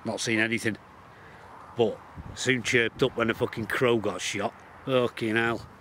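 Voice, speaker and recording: Man, mid-pitched, ranting to camera outdoors, foul-mouthed and fired up, faint outdoor ambience behind him. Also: fairly even intonation, measured pace, a bit bright, a little hiss or hum. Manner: swears constantly, heated and blunt. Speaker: shooting and countryside vlogger. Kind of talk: profane angry rant to camera.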